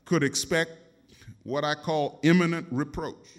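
A man's voice: on the high side, steady tone, unhurried. A man preaching a sermon, dramatic and emphatic, calling out questions to his congregation. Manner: dramatic, call-and-response, emphatic.

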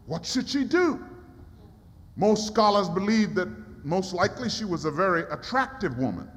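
Animated male preacher in a reverberant church. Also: high voice, moderate pace. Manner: dramatic storytelling, acting out dialogue. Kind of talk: sermon. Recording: long hall reverb.

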